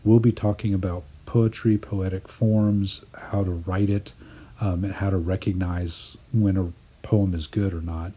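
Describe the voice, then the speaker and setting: A man teaching poetry writing in a voice-over lesson, explaining his drafts in a thoughtful, measured way. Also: low-pitched, fairly even intonation, mellow, husky.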